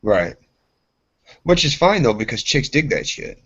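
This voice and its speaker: A man with a husky voice tells loose, rambling stories on a casual podcast, and he acts out every voice in them. The audio sounds dull and lo-fi. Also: medium pitch, very animated, unhurried, fairly bright tone. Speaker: podcast co-host. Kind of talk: casual chat, storytelling.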